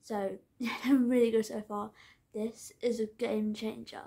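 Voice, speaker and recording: A woman's voice: fairly high pitch, level tone, measured pace, creaky, dark tone, husky. A young woman chatting casually to her viewers, rambling with lots of fillers. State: out of breath while walking. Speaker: vlogger. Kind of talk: casual vlog narration.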